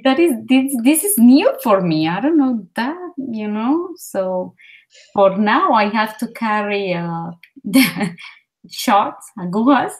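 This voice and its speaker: A woman from Colombia, a native Spanish speaker with a Colombian accent, telling an animated story full of fillers during casual conversation practice. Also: on the high side, slow pace, rough recording. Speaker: language learner.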